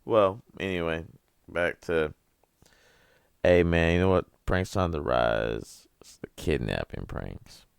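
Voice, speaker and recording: This young podcast host takes it slowly, his very deep, rumbling voice edged with gravel. In a casual monologue he rants and rambles, swearing freely and laughing at his own jokes, all recorded dry and close without room echo.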